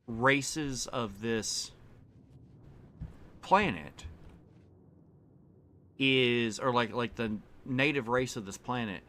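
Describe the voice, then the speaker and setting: A man's voice: medium pitch, bright, forceful tone. A man chatting while playing a game, rambling and laughing often. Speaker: co-host of a game let's play. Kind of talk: casual gameplay chat.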